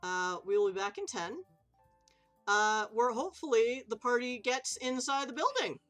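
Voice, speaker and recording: A woman's voice: on the high side, animated, normal speed, fairly bright tone, soft background music. A woman running a tabletop game on a live stream, chatty and loose, swearing casually and laughing easily. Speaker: game master.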